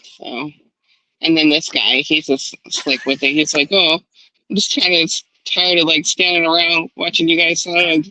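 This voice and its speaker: A woman hosting an online book club chat, recapping scenes with lots of energy and acting out each character's lines. Her voice is low-set but bright and forceful. The sound is close and dry. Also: unhurried, no echo, low-quality recording. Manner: animated retelling, acting out characters' lines, swears casually. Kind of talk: casual chat. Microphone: online stream setup.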